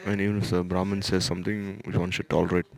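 A man giving a religious lecture, retelling a scripture story in a measured way and often restarting his phrases. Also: low-pitched, little pitch movement, vocal fry, slight background noise, rough recording. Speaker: religious speaker.

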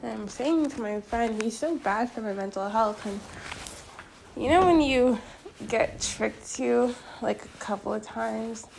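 A young woman vlogging at home, high and upset, rambling through a sweary confessional rant and laughing nervously between phrases. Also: a little slow, gravelly, a little mellow, slight background noise. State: upset, near tears. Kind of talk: casual confessional vlog rant. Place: home, indoors.

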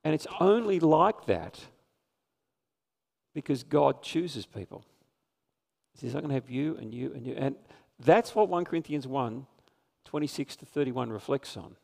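A man's voice: mid-range voice, lively intonation, a little slow, creaky, pauses often, darkish tone. A man preaching a sermon in a church, earnest and conversational, putting questions to his congregation. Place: church sanctuary. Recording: live church stream with long reverb.

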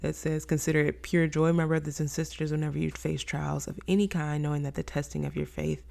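A woman's voice: sits low, level tone, brisk, vocal fry, mellow. A young woman hosting a faith-based podcast, telling a candid personal story and acting out her own quoted thoughts. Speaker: podcast host.

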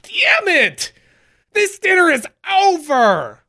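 Furious ranting old king, radio play, piercing bright shrieks, sweeping wildly up and down. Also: extremely high pitch, huge pitch swings, slow, no echo, clean studio sound, pitched above the performer's own voice, full character voice. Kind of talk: 1940s radio acting.

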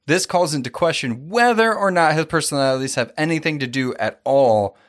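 A man co-hosting a podcast in casual chat, animated, often laughing, his pitch jumping high when excited. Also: fairly quick. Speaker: podcast co-host.

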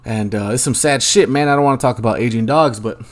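A man's voice: mid-range voice, fast. Profane, rambling guy hosting a podcast. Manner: profane, rambling, laid-back. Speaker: podcast host. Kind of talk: casual solo rambling podcast. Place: Los Angeles, at home.

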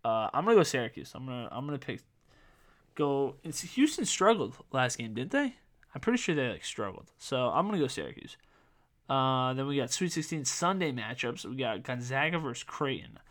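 A young man hosts his own sports podcast, talking loosely and rambling. He fills his talk with "like" and "um" and restarts his sentences often. His voice sounds slightly hoarse from talking. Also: medium pitch, big pitch swings, brisk, fairly bright tone. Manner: rambling, filler-heavy, self-correcting. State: voice going hoarse. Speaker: podcast host. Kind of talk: casual sports podcast chat.

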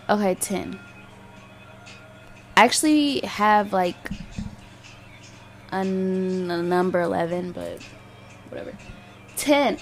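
A young woman with a medium-pitched, somewhat dark voice hosts her own podcast. She talks candidly in a casual solo monologue, rambling along with plenty of fillers and swearing.

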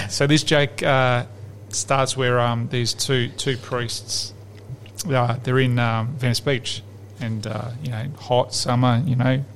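A man's voice: mid-range voice, slow pace, a little hiss or hum. A man, a podcast host telling a long rambling joke in casual chat. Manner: rambling, lively, laughs at his own joke.

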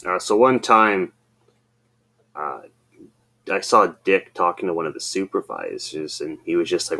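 A man's voice: deep voice, animated, moderate pace, fairly bright tone. A man hosting a podcast, telling loose, rambling stories with swearing and many fillers. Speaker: podcast host. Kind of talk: casual storytelling monologue.

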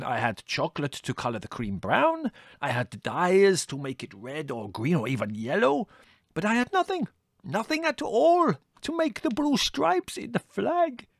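A theatrical café owner who wails out his woes in slow, drawn-out phrases, as a male narrator puts him on. His rides a high, swooping pitch. The recording is close and dry. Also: fairly bright tone, no room sound, heavily acted. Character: melodramatic Greek male café owner, despairing.

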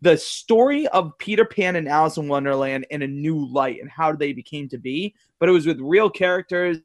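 A man's voice: on the high side, lively intonation, moderate pace, no echo, studio quality. A man co-hosting a casual movie podcast, talking enthusiastically with lots of filler words. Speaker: podcast co-host.

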